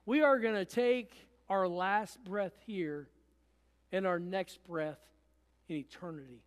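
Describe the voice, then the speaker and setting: High-voiced preacher in a reverberant hall. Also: male voice, slow pace, clean tone. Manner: preaching with repetition and frequent restarts. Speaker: pastor. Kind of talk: sermon. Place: church.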